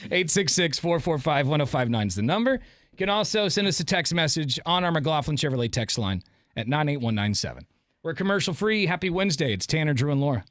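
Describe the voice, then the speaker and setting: A man's voice: on the high side, big pitch swings, quick pace, fairly bright tone, no echo, studio quality. A man hosting a radio show, chatting casually and reading out listener texts. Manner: reads listener texts, jokey.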